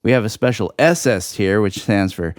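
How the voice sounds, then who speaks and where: A man co-hosting a podcast, giving a mock-serious explanation in a dry, ironic, deliberate way. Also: fairly low pitch, expressive, no echo. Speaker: podcast co-host. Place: podcast studio.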